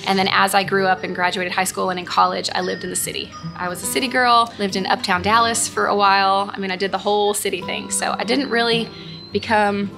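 A woman in her thirties hosts a relaxed question-and-answer chat. She talks earnestly and gushes, often repeating herself, with a gravelly edge to her voice. Music plays clearly behind her. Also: medium pitch, brisk. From Texas. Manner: earnest and gushing, repeats phrases. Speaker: host. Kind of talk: casual Q&A chat. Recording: music playing in the background.

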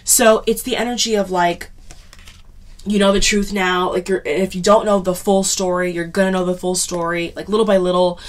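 A woman's voice: fairly low pitch, level tone. A woman giving a casual tarot reading to camera, chatty and subdued, often checking in with "okay?" and "you know". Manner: chatty, repeats "okay?" and "you know" often, drags some words slowly; subdued, sighing tone. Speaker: tarot reader.

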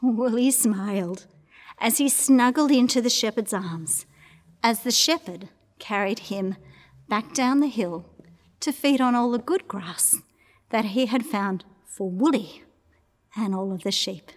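A woman telling a Bible story to children, animated and acting out sounds and voices as she goes. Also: on the high side, a little slow, long reverb tail.

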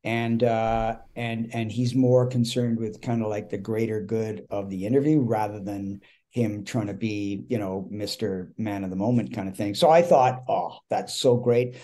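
Mellow-voiced man telling an anecdote. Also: on the low side, moderate pace. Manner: animated storytelling with frequent restarts and quoted dialogue. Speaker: host and actor. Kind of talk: telling a backstage anecdote in a casual chat.

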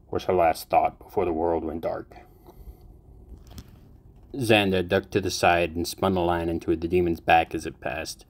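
Brief: male narrator, very low voice, even storytelling pace. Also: measured pace, long pauses. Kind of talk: fan fiction audiobook reading.

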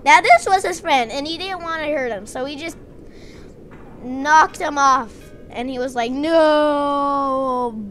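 A woman narrating a gameplay story with excitement, acting out her characters. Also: high-pitched, normal speed, soft background music. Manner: excited storytelling, doing dramatic voices for the characters. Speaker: game narrator.

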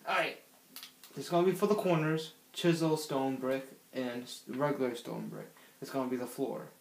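A man's voice: medium pitch, normal speed, creaky, fairly bright tone, slight background noise. A man giving casual gameplay commentary, rambling and giggly, talking to himself while he plays. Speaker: gaming channel host. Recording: roomy echo.

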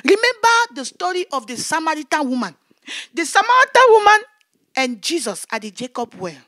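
A woman evangelist telling a testimony in fervent preaching, shouting her prayers and recounting events vividly. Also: high voice, very animated, brisk, no room sound, clean studio sound.

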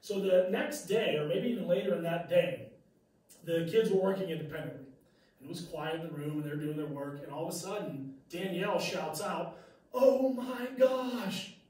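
A man's voice: a little high, fairly quick, a little mellow, distant mic. A male teacher giving a casual classroom lecture, conversational with fillers and restarts. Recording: very echoey room, mic from afar.

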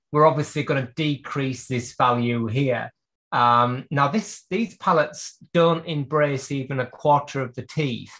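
A man's voice: mid-range voice, a bit bright. A man teaching clock repair during a live video call, working at a bench and thinking aloud as he explains each step. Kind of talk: live workshop demonstration.

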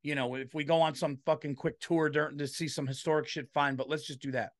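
A man hosting a podcast, telling stories in a loud, animated casual chat. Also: a little high, fairly quick. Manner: loud, animated storytelling with frequent "dude". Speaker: podcast host. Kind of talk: casual comedic storytelling.

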